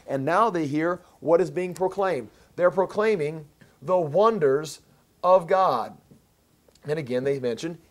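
A man with a high, light voice for a man preaches a sermon, walking through a scripture passage. He explains each point emphatically and slows right down on the words he wants to land. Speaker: pastor. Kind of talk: sermon, verse-by-verse Bible teaching.

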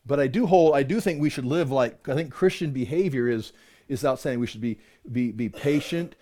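A man's voice: medium pitch, fairly quick, dark tone. A man preaching a conversational Bible-teaching sermon, often repeating and restarting words and building to emphatic peaks. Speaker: pastor teaching a Bible passage.

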